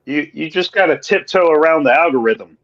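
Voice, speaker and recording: A man's voice: fairly high pitch, expressive, fairly quick, fairly bright tone. A man in a casual chat, making dry remarks. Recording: dull lo-fi sound.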